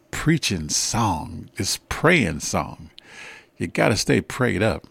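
A man hosts a gospel music show at a studio microphone, drawing out his words in an unhurried, preacherly cadence. His voice sits fairly low, and the sound is close and dry with no room around it. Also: gravelly, no echo. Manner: slow, emphatic, preacherly, with shouted rises. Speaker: gospel radio host. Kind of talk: preachy radio chat.

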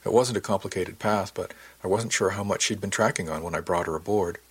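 Low husky guy reading a novel, calm even pace. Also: brisk. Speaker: narrator. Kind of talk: first-person audiobook narration.

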